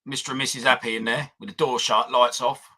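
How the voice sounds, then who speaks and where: A man's voice: medium pitch, level tone, a little fast, pushed and bright. A man co-hosting a casual live stream, trading teasing banter. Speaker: co-host.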